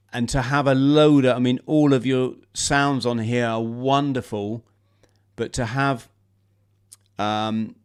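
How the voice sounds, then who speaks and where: A man hosting a relaxed conversation, his voice smooth and resonant. He comes across as enthusiastic, and his sentences stop and start as he searches for the right words. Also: medium pitch. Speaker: host. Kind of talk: casual conversation.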